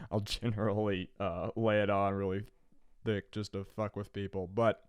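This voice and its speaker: A man's voice: fairly low pitch, flat delivery, a little slow, clean tone, no room sound. A man from Georgia co-hosting a podcast, talking in a rambling, sardonic, profane way. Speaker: podcast co-host. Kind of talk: casual podcast chat.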